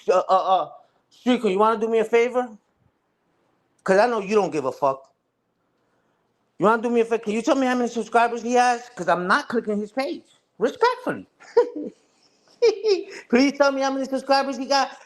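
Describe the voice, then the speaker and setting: A man ranting casually on a livestream, taunting and repeating himself. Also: very high voice. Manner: taunting, repetitive, says "respectfully" and "you heard".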